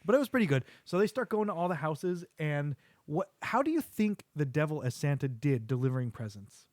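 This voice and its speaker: A middle-aged man hosting a podcast, chatting casually with his son and retelling cartoon scenes with quick quoted voices. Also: on the high side, very animated, a little mellow, no room sound. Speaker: podcast host.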